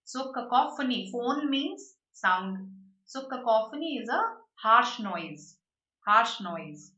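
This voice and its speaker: A woman teaches an online vocabulary class, explaining words in a lively way and checking in with her students as she goes. Her voice is bright and fairly high. The sound is roomy and dull, as if she is sitting a little back from the mic. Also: takes it slowly, recorded from a distance. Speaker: online exam-prep teacher. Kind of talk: live online vocabulary lesson.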